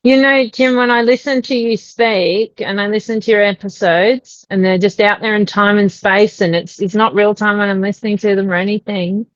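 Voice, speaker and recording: Animated Australian woman telling stories. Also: mid-range voice, moderate pace, hardly any pauses, no room sound, muffled recording. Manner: animated storyteller, quoting herself in lively voices. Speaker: podcast guest. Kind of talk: conversational interview.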